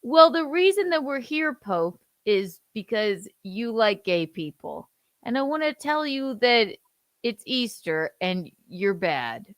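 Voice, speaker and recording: A woman voicing a mocking, sneering impression of a male politician, pushed higher and louder than her own voice. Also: sing-song, takes it slowly, no echo. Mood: mock-sinister.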